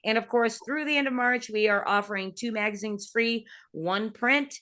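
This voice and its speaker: A woman's voice: fairly high pitch, moderate pace, sharp tone. Chatty woman hosting a livestream chat. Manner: chatty, laughs often, swears casually. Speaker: host. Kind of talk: casual livestream interview.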